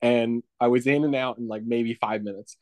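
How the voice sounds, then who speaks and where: A man's voice: medium pitch, steady tone, normal speed, no room sound. Laughing young man telling a story, dry sound. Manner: rambling storyteller, laughing often. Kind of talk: casual chat.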